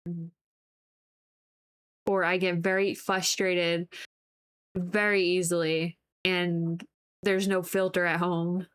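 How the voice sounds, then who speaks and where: A woman's voice: on the low side, level tone, slow pace, long pauses, clean tone. A woman chatting casually with her viewers on a live stream while she paints, rambling and breaking into giggles, with lots of "like" fillers.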